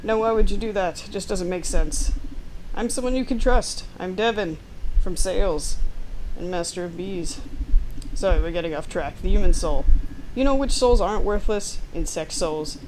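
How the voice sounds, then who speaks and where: A woman voicing a sly, manipulative male office worker with smooth, feigned friendliness, reading an interactive text game aloud. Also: fairly low pitch, normal speed, noisy background, natural voice.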